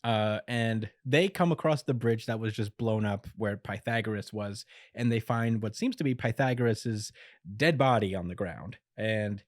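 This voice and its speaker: A man's voice: on the low side, normal speed, dry recording, studio quality. A man hosting a podcast, casually recapping an episode with chuckles and plenty of filler words. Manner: laid-back retelling with chuckles and filler words. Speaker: podcast host. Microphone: podcast mic.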